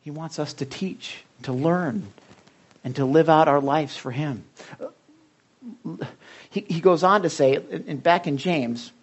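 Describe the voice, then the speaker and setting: Male pastor, lively conversational sermon, slightly higher voice. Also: measured pace, long pauses. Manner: animated, conversational preaching with asides and jokes. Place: hot church room.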